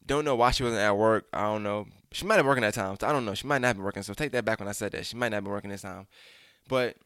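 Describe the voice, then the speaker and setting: A young man recounts a personal story in loose, casual slang, often restarting and acting out what others said. His voice sits low, and the recording is dry with no room sound. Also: racing, no echo. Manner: animated, acts out quotes, frequent restarts and slang.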